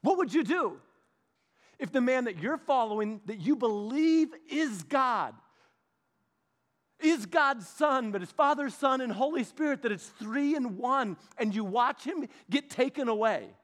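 Retelling a story, a male preacher brings playful, animated energy and tosses quick asides to his listeners. His high voice swings widely in pitch, moving from hushed narration to bright emphasis.

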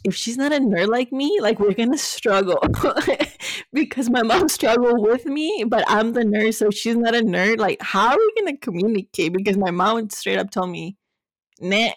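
A woman's voice: on the high side, expressive, normal speed, no room sound. A woman in her thirties co-hosting a podcast, telling stories animatedly with frequent laughter in a casual chat. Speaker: podcast co-host.

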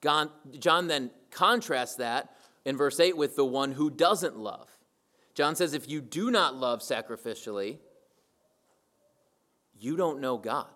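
A man's voice: medium pitch, slow pace, pushed and bright. A man preaching a sermon to his church, emphatic and repeating key phrases for weight. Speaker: pastor.

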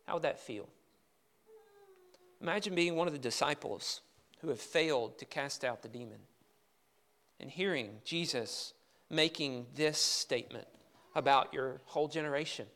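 Bright, clear-voiced preacher. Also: male voice, a little high, normal speed, long pauses. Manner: conversational preaching with rhetorical questions; emphatic scripture reading. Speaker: pastor. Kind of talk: sermon.

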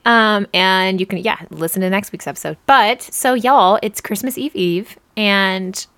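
A bubbly woman in her thirties co-hosting a podcast, chatting loosely and giggling as she rambles. Her voice sits at an ordinary pitch, recorded dry and close with no room sound. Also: unhurried, a bit bright, no echo. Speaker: podcast co-host. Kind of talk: casual chat.

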